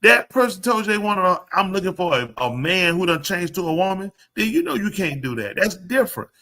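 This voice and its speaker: A man's voice: high-pitched, very animated, fairly quick, bright, forceful tone. A man hosting a live podcast show, ranting bluntly and opinionatedly in casual chat and addressing the people around him. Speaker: podcast host.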